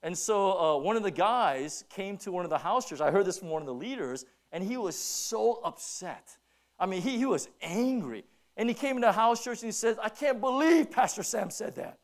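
A middle-aged man preaching a sermon as pastor, telling stories with many restarts and then slowing down to stress his points. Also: high-pitched. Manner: animated storytelling with many restarts, then slow emphatic preaching.

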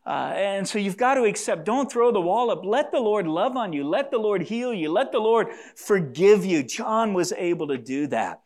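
A man's voice: high-pitched, lively intonation, normal speed, hardly any pauses. A man preaching a sermon to a congregation, earnest and repeating key phrases for emphasis, sometimes asking listeners to say lines back to him. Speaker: pastor.

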